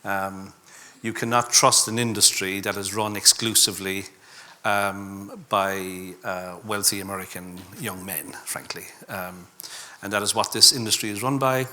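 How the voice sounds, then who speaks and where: A man's voice: lowish voice, fairly even intonation, a little slow, pushed and bright. A man speaking as a conference panelist, bluntly voicing skeptical opinions. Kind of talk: panel discussion. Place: conference hall stage.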